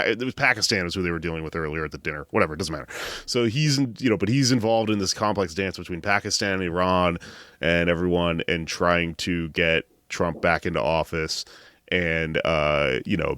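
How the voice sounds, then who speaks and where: A man's voice: low voice, fairly bright tone, no echo, clean studio sound. A man hosting a podcast, casually retelling a story in a rambling, amused way. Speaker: podcast host.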